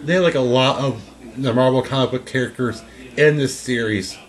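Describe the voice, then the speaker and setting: A man in casual chat as a co-host, talking in a rambling, halting way with frequent restarts. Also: medium pitch.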